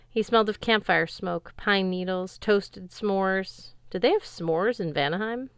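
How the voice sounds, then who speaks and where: A woman giving a steady, wry first-person audiobook narration in a studio. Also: medium pitch, moderate pace, hardly any pauses, smooth, dry recording.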